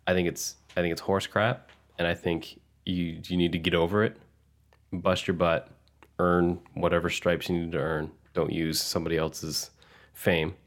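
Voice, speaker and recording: Deep-voiced, blunt male co-host. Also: flat delivery, moderate pace. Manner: blunt, opinionated, ranting. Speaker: podcast co-host. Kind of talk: casual chat.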